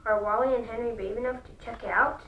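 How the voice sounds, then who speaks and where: A woman reading a children's book aloud, slow and careful with small restarts. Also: fairly high pitch, fairly even intonation, highs cut off. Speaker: storybook reader. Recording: echoey room, far from the mic, faint background noise.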